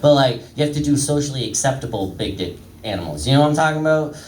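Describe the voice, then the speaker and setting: Rambling crude comic, echoey room. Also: male voice, medium pitch, expressive, quick pace, far from the mic, a little hiss or hum. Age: 30s. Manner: rambling, crude, self-mocking. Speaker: stand-up comedian. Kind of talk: stand-up set with crowd work. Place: comedy club stage.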